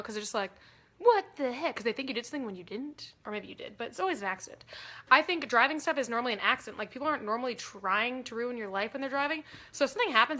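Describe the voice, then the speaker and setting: A woman's voice: fairly high pitch, sharp tone. A young woman hosting a casual livestream, chatty and giggly, rambling through stories. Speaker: livestream host.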